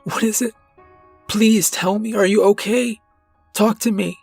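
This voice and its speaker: A terrified young woman trapped in her car, pleading in a raised, breathless voice, as a male narrator puts her on. She sits well above his usual pitch, with a husky edge to the tone, in a horror storybook reading. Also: steady tone, takes it slowly, no echo, faint music behind, heavily acted. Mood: panicked.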